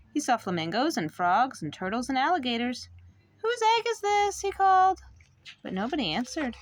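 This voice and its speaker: Expressive mother reading a picture book. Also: a little high, no echo. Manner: expressive and sing-song. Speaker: mother reading to her child. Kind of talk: picture book read-aloud.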